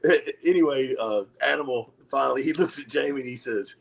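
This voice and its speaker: A man's voice: medium pitch, fairly quick, creaky, low-quality recording. A middle-aged man, a retired wrestler and podcast guest, telling stories in a casual, profane, laid-back way. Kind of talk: casual storytelling.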